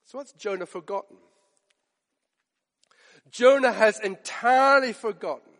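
A man with a high voice delivers a sermon, earnest and steadily building to pointed rhetorical questions. His words ring out with a long reverb trailing behind them, as in a large hall. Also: expressive, a little slow, pauses often, fairly bright tone. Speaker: preacher.

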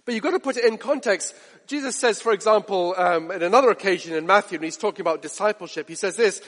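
A man preaching a sermon with passion, asking his listeners direct questions and swinging from loud to hushed. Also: sits high, fast, in a large hall.

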